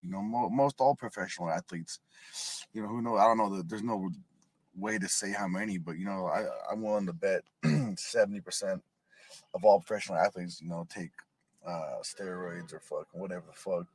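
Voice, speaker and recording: Husky man in his thirties, rambling. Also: sits low, brisk, darkish tone, rough recording. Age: 30s. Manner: rambling, throat-clearing.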